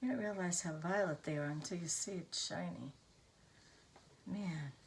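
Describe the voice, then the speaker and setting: A woman hosting a casual craft tutorial, gushing over her finished pieces with soft exclamations. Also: fairly low pitch, normal speed, a little hiss or hum.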